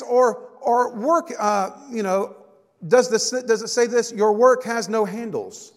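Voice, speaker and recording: A man delivers a sermon in a high-pitched voice, moving between plain teaching and acted-out grumbling voices. His manner is folksy and joking. The sound carries a long reverb, as in a large church hall. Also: sing-song, unhurried. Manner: folksy preaching, acts out complaining voices, jokes. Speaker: pastor. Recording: echoey hall.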